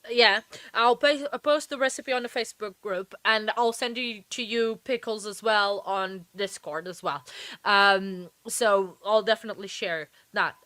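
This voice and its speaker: A woman's voice: medium pitch, measured pace, sharp tone, no room sound. A woman hosting a live stream in a casual, chatty way, often laughing and talking straight to her viewers. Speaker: livestream host.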